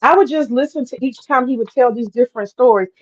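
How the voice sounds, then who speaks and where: Chatty woman with a slightly high voice. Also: fast talker, darkish tone, dull audio. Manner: candid and chatty, swears freely, talks to the chat. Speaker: host. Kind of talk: casual live stream storytelling.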